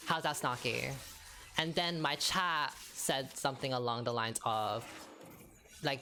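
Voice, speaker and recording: A woman's voice: rumbling low, measured pace, background noise. A woman streaming a game and chatting casually with her viewers, arguing her point with rhetorical questions. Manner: exasperated, rhetorical, repeats herself. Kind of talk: casual stream chat while gaming.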